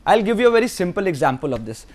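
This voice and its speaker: A man's voice: high-pitched, sing-song, very fast, a little mellow. A man from Delhi with an Indian English accent, giving a course lecture to students in an earnest, repetitive way and now and then slipping into Hindi.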